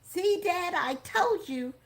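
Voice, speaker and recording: A woman voicing an excited thirteen-year-old girl fan in an audiobook reading, high and blurting. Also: slow, gravelly, exaggerated voice.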